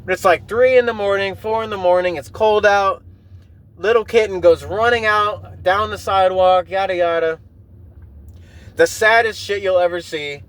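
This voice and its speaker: A man's voice: high-pitched, normal speed, a bit bright, smooth. A man hosting a podcast, rambling emotionally and with a lot of swearing while driving his car. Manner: profane, rambling, emotional storytelling. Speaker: podcast host. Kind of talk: rambling casual monologue.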